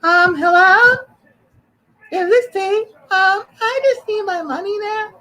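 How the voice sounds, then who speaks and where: A man voicing a high, hesitant male prank caller who drags out his words. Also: pushed and bright, exaggerated voice, poor audio. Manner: hesitant, drawn-out.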